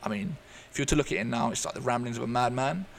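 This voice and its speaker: A man's voice: medium pitch, animated, creaky, slight background noise. A man, a podcast guest, telling a candid personal story in an earnest, open way, often restarting his sentences. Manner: halting, frequent restarts and fillers.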